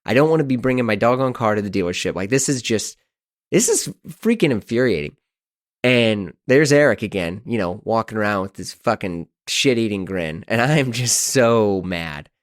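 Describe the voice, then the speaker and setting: Low-voiced man telling a story. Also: normal speed, no room sound, studio quality. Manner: animated, exasperated, self-mocking storyteller. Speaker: podcast host. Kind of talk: casual storytelling monologue.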